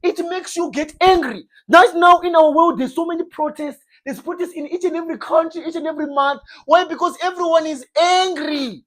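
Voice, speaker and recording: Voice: extremely high pitch, brisk, few pauses, fairly bright tone. A preacher giving an informal sermon in an emphatic, repetitive style, often acting out short comic exchanges. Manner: emphatic, repetitive, uses comic role-play.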